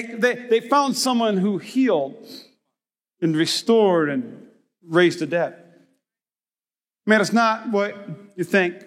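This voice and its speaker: A man in his thirties preaching a sermon as pastor, animated and joking, rising to shouts for emphasis. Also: sits high. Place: church hall. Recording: reverberant hall.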